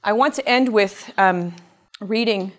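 A woman giving an earnest, expressive Bible teaching that reads scripture aloud in a measured tone. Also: mid-range voice. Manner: earnest and expressive, voice rising with emphasis. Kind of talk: sermon-style Bible teaching.

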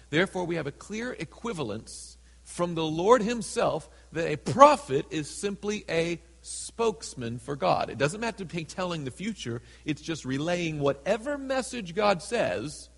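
A man preaching a sermon in a church, reading scripture slowly and dramatically and acting out the people in it. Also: fairly high pitch, creaky, fairly bright tone, slightly rough. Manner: reads scripture slowly and dramatically, voices characters in asides. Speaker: pastor. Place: church sanctuary. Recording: hall with long reverb.

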